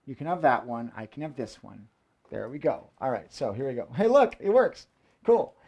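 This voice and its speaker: A playful man hosts a live-streamed fire show from a room at home, keeping up a steady stream of jokes and cheerful patter. His pitch sits in the middle range, and he comes across as an energetic showman. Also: moderate pace, breathy edge. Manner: playful, joking, hyped-up showman. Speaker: fire performer and host.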